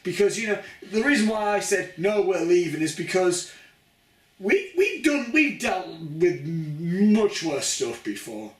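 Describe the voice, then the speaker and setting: Man, high voice, excitable, casual game chat, roomy echo, distant mic. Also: measured pace, hardly any pauses. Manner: excitable, acts out characters' lines. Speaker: video game reviewer.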